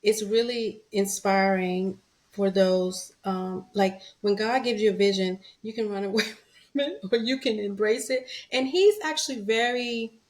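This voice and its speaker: A woman's voice: medium pitch, unhurried. A woman hosting an interview, encouraging her guest and chatting in a conversational way. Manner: encouraging, reacts with frequent affirmations. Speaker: host.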